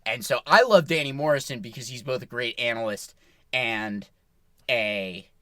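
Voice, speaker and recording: A man's voice: mid-range voice, normal speed, bright, forceful tone, dry recording, studio quality. A man co-hosting a casual sports podcast, rambling and opinionated, with lots of fillers. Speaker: podcast co-host.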